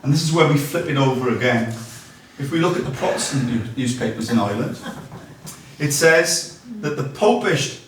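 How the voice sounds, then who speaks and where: A man's voice: mid-range voice, lively intonation, moderate pace, fairly bright tone, a little hiss or hum. A man giving a conversational public history talk, reading quotations aloud between ums and restarts. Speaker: local history speaker. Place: large echoey room, speaking to an audience. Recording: echoey room from a distance.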